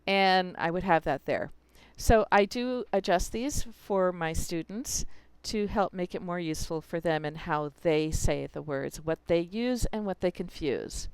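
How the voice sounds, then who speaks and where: A woman's voice: lowish voice, unhurried, darkish tone, smooth, dry recording. A woman teacher explaining how she teaches spelling, talking through her students' examples as she goes. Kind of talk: instructional video.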